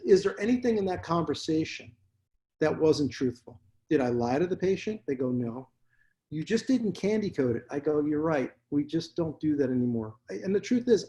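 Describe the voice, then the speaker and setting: A man, a dentist, telling blunt stories from his practice in a casual interview. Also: fairly high pitch. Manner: blunt, animated storyteller. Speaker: dentist guest.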